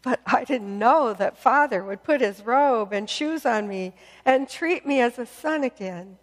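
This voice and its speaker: A woman voicing a remorseful young man who slowly and softly pleads to be forgiven. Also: on the high side, in a large hall, close to an everyday voice. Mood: humble, pleading. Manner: slow, soft, apologetic pleading. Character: remorseful young adult man, humble prodigal son.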